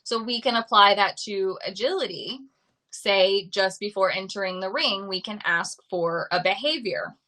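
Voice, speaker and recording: Woman, dog trainer, live-stream Q&A, bright voice, patient and repetitive explainer. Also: medium pitch, moderate pace, rough recording. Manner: explains by repeating simple examples. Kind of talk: live-streamed talk answering viewer questions.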